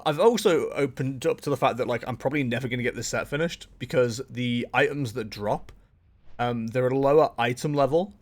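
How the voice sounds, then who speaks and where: A man chatting casually as he streams a game, rambling along with frequent fillers and self-corrections. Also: mid-range voice. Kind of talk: casual gameplay commentary.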